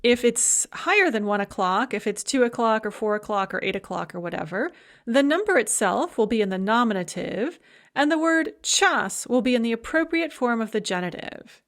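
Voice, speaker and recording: A woman lecturing as a language instructor, explaining step by step and slowing down to model example phrases. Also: fairly high pitch, animated. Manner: clear, methodical explaining with slow modeled Russian phrases. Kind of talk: recorded lecture.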